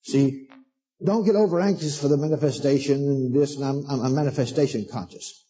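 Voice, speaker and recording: A man's voice: medium pitch, a little fast, mellow, breathy edge, rough recording. A man preaching a sermon to a congregation, fervent and emphatic, repeating himself and calling listeners "honey".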